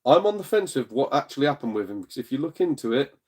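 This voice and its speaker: A man talks straight to his viewers on a casual live stream from home, his voice sitting at a middling pitch. He comes across blunt and jokey, swears now and then, and slips into quick put-on voices to retell back-and-forths. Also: sing-song, darkish tone, slightly rough. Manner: chatty, blunt, jokey, swears, puts on voices in retold exchanges. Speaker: streamer and gaming channel host. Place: at home in a front room.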